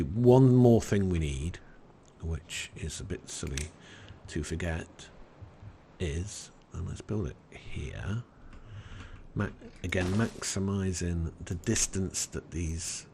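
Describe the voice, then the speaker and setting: An Englishman with an English accent giving relaxed let's-play commentary in a soft, soothing, unhurried way. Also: low voice, background noise. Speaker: game commentator.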